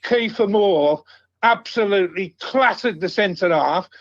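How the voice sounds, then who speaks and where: Sweary, blunt male caller, high voice, dull dry line. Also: unhurried, a bit bright, dry recording. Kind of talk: casual phone-in call. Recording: dull muffled phone audio.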